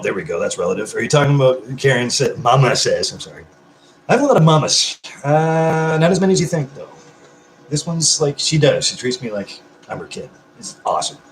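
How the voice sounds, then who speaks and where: A man's voice: medium pitch, a little hiss or hum. Chatty man in his thirties, echoey room. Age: 30s. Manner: chatty and affectionate, swears freely. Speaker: livestream host. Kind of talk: casual livestream chat.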